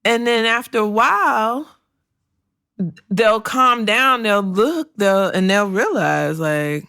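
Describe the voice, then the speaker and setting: A woman's voice: on the high side, expressive, takes it slowly, bright, forceful tone, smooth, dry recording, clean studio sound. A middle-aged woman hosting a career advice podcast, talking bluntly and sassily, with laughs and acted-out quotes. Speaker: podcast host and career coach. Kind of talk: candid solo podcast advice.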